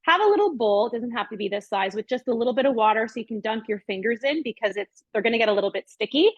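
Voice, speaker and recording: A woman's voice: on the high side, expressive, fast talker, no echo. A middle-aged woman hosting a casual cooking demonstration in her home kitchen, chatting upbeat as she works. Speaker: cooking show host. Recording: dry, dull lo-fi sound.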